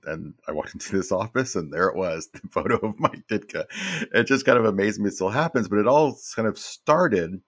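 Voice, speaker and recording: A man in his fifties with a deep, low voice tells stories as an interview guest. He rambles, restarts and repeats words, and he sounds close and dry, with no room around him. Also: no echo. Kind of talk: casual storytelling in an interview.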